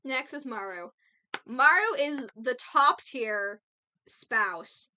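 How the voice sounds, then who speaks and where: A woman talks through her video game opinions in a casual, blunt way, playfully ranting and laughing often. Her voice sits a little high. It has a bright, forceful edge. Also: animated, slow pace. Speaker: gaming video creator.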